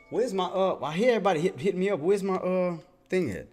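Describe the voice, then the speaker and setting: An excitable man talking through his trades on a live stream in a slightly high voice. He is chatty, laughs often with his viewers, and mutters under his breath while he hunts around his screen. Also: quick pace, few pauses. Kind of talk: casual livestream trading commentary.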